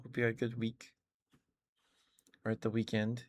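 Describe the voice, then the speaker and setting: A hoarse young man chatting casually on a stream, rambling with lots of fillers. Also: fairly low pitch, normal speed, long pauses, no room sound. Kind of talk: casual chat.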